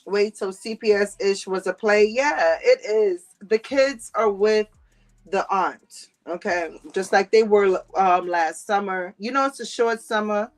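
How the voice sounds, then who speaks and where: Woman streamer, sassy gossip host, laughs a lot, slangy casual chat, mid-pitched voice. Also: a little slow. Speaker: livestream host reading chat.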